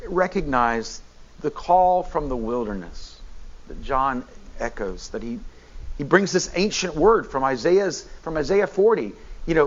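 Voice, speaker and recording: A man, a bishop, preaching a sermon in an animated way, often restarting and repeating words as he goes. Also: on the high side, moderate pace, highs cut off.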